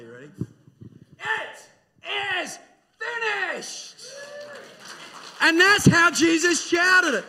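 A man preaching a sermon, dropping to hushed tones and rising to shouts. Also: medium pitch, a little hiss or hum. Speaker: pastor.

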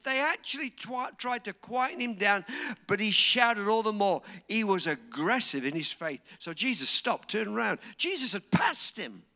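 A man preaching a sermon, dramatic and storytelling, acting out quotes and rising to shouts. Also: high voice, animated, moderate pace.

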